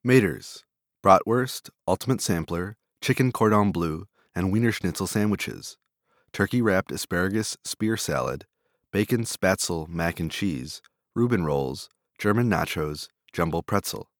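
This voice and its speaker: Deep-voiced guy reading off a menu list, flat and steady, dry close sound. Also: a little slow, dry recording. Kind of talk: reading a list of food vendors.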